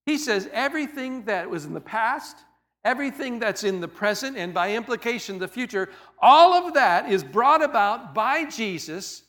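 A man with a high, bright voice preaches a sermon conversationally. He stacks phrase on phrase and circles back to hammer each point home. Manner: conversational preaching, stacked repetitions and emphatic restatements. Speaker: pastor.

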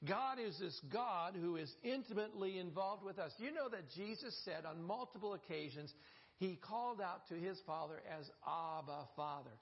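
A man's voice: sits high, highs cut off. A male pastor, delivering a sermon and drawing the congregation into call-and-response. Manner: call-and-response preaching, prompting the congregation to repeat.

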